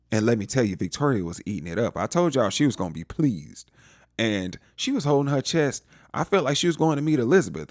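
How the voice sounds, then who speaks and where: A man's voice: mid-range voice, big pitch swings, brisk, no room sound, clean studio sound. A man giving a casual recap of a TV episode, acting out the characters' lines in playful voices. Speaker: TV recap reviewer.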